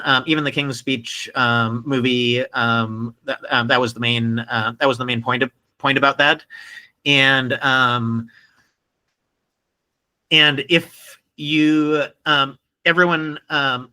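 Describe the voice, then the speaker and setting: Man, casual to-camera monologue, very bright tone, lots of repeats and restarts, fillers everywhere, quick spurts of words. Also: mid-range voice. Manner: many repetitions, restarts and fillers, bursts of speed. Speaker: video creator talking about his speech.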